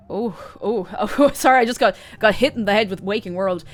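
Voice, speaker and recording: A young woman streamer reading a visual novel aloud with expressive, laughing reactions. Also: mid-range voice, fairly quick, few pauses, soft background music.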